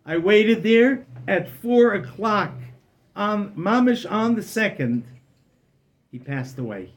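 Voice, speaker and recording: A male rabbi telling a story aloud, swinging between loud and hushed passages. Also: high voice, animated, slow pace. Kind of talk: oral storytelling.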